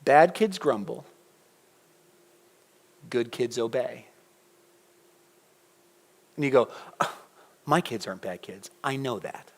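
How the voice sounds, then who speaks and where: A middle-aged man preaching a sermon in a church, conversational and animated, putting questions to the congregation. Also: mid-range voice, slow pace, vocal fry, pauses often. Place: church sanctuary.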